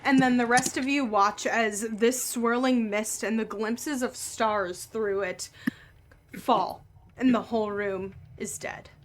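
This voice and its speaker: A woman running a tabletop game as game master, narrating scenes in an unhurried, descriptive way. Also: on the high side, steady tone, background noise.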